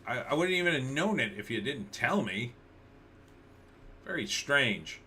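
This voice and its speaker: A man's voice: mid-range voice, very animated, a little slow, bright, forceful tone, slight background noise. A man hosting a casual livestream, commenting on news with sarcasm and rambling restarts. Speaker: livestream host.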